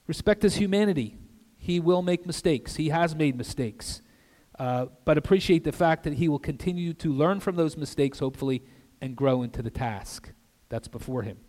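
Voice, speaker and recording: A man's voice: a little high, normal speed. Older man preaching in a reverberant church. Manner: earnest preaching with asides and soft drops for emphasis. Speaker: guest pastor. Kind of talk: sermon. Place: church sanctuary. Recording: long reverb of a church hall.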